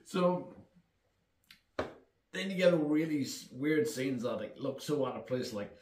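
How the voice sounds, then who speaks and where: A man's voice: mid-range voice, darkish tone. List: man, casual movie recap, swears a lot, chuckles, echoey room, mic at a distance. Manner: profane, laughing, rambling storyteller. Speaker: film reviewer.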